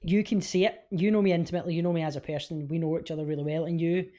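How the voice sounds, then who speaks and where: A man's voice: fairly high pitch, steady tone, rapid-fire, dark tone. A Scottish man chatting as a podcast guest in a chirpy, candid way. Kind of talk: casual chat.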